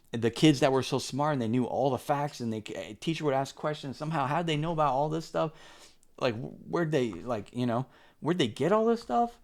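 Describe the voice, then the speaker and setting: A man's voice: lowish voice, a little mellow. A man giving a casual, candid book review, rambling with lots of fillers and restarts and turning earnest when he urges viewers. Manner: earnest and emphatic when urging.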